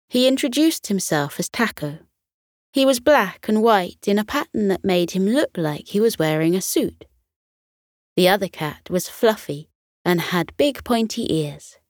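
A woman narrating a children's bedtime story in a gentle, soothing, expressive way. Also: on the low side, measured pace, dry recording, studio quality.

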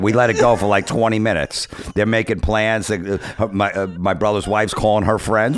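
Deep-voiced laid-back male comedian. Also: brisk, a little hiss or hum. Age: middle-aged. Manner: laid-back, blunt prankster storytelling. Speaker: comedian guest. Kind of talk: casual comedic storytelling chat.

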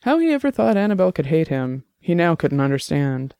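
A man narrating an audiobook with measured, even storytelling. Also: fairly high pitch, gravelly, clean tone, no room sound, studio quality.

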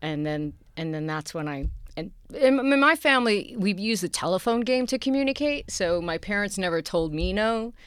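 A middle-aged actress from Queens with a New York accent, chatting in an interview with frequent laughs and halting restarts. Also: medium pitch, animated, smooth, dry recording, clean studio sound. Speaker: actress guest. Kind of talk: casual interview chat.

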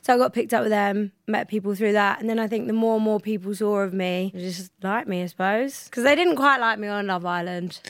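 A woman's voice: mid-range voice, brisk, few pauses, no room sound, studio quality. A woman in her twenties with a London accent, a podcast guest chatting casually and mocking herself. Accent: London English. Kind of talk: casual chat.

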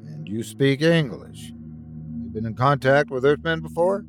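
A man's voice: mid-range voice, big pitch swings, unhurried, over music. A man playing a blunt, impatient ship captain who gives orders. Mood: commanding. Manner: commanding and impatient.

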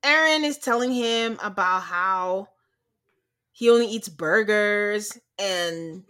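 An American woman co-hosting a casual chat, recapping a reality show in an animated way and acting out quotes. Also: medium pitch, slow pace, clean tone. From United States. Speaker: podcast co-host.

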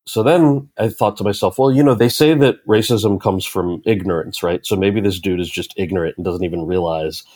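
A man's voice: low-pitched, moderate pace, hardly any pauses, slightly rough, no echo. A man in his thirties, an actor telling a story in an interview, acting out the lines of the people in it. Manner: animated storyteller, acts out quoted dialogue. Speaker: actor and author, interview guest.

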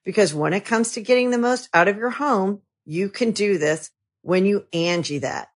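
A woman's voice: mid-range voice, normal speed. A woman enthusiastically reading a host-read advertisement. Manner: upbeat, enthusiastic. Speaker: ad reader.

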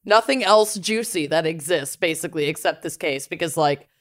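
A woman's voice: sits low, normal speed, a bit bright. A woman co-hosting a casual podcast, chatting in a wry, sarcastic, grumbling way. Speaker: podcast co-host. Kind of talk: casual chat.

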